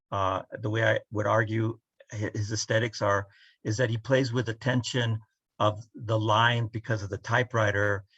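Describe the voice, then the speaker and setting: A man's voice: on the low side, fairly bright tone, breathy edge, dry recording. A man in casual academic discussion on a video call, lecturing and often asking "right?" to drive points home. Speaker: poet and roundtable panelist. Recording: dull, dry lo-fi video call audio.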